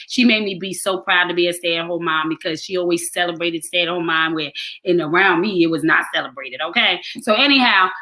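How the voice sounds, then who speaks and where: A woman in her forties hosting a casual talk show, telling personal stories animatedly, breaking into loud emotional exclamations. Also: on the low side. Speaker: host. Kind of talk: casual chat show storytelling.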